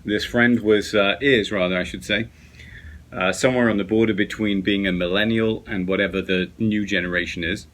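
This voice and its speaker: A man's voice: on the low side, fairly even intonation, moderate pace, fairly bright tone. A man chatting casually at home late at night about pipes, rambling with lots of fillers and restarts. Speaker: pipe smoking vlogger.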